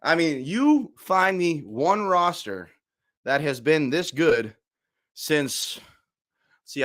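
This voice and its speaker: Young male fan streamer, twenties, bright tense voice, emotional swings, casual rant. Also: on the high side. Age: 20s. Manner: emotional, swings from shouting to hushed murmurs.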